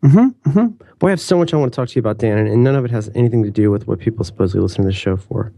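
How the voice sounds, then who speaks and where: A man in his thirties co-hosting a podcast, chatting casually in a rambling, animated way. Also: on the low side, rapid-fire, slight background noise. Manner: rambling, self-interrupting, animated. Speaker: podcast co-host. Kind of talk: casual chat.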